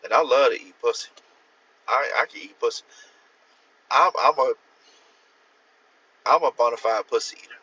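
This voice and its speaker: A man's voice: mid-range voice, normal speed, pauses often, sharp tone, husky, highs cut off. A man hosting a casual livestream, rambling and profane, talking straight to his viewers and answering their comments. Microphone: phone.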